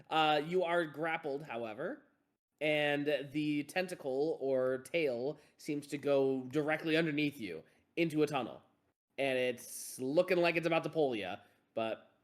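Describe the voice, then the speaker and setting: Casual male dungeon master. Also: on the high side. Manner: relaxed, with frequent filler pauses. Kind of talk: running a tabletop game.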